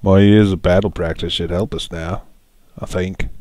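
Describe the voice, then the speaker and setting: A man's voice: deep voice, fairly even intonation, normal speed, mellow, no echo, close to an everyday voice. Prince Rince, a man doing a boastful veteran prince. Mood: confident. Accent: attempted Australian, put on. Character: battle-hardened human prince, man, proud.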